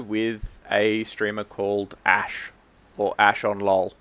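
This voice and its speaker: A young Australian man chatting casually on a live stream while he plays, rambling and halting with many ums and restarts. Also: lowish voice, monotone, fairly bright tone, clean tone.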